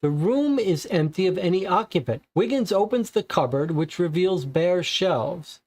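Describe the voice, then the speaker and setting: A player reading aloud and thinking out loud through a cooperative detective board game. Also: mid-range voice, lively intonation, moderate pace. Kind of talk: narrating and musing over a co-op board game.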